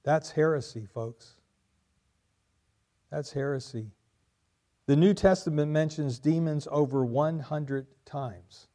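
A man's voice: fairly high pitch, slow, pauses often, mellow. A male pastor delivering a sermon, stressing points by repeating them and building to emphatic questions. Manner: emphatic preaching, repeating key lines for stress.

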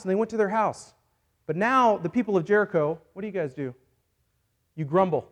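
A man preaching a sermon as a pastor, playful and energetic, joking with volunteers while acting out a Bible story. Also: high-pitched, unhurried, long pauses. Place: church service.

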